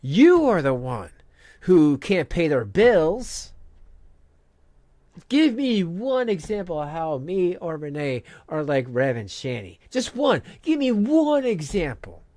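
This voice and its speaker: Sarcastic stream host ranting and laughing, mid pitch, dry close mic. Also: big pitch swings, slow pace, darkish tone, no echo. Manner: heated, sarcastic, laughs often. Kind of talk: casual commentary stream.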